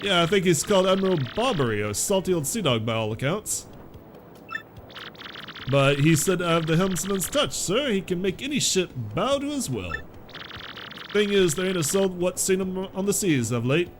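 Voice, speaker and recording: A man voicing a gruff, deferential old sailor creature from a video game, in rough folksy speech. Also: sits high, big pitch swings, moderate pace, background noise. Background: game music.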